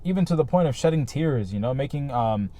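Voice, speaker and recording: A man's voice: mid-range voice, animated, a little fast, warm tone. Earnest rambling man vlogging. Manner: rambling, earnest, heavy with fillers and "right?". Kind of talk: casual reflective talk to camera.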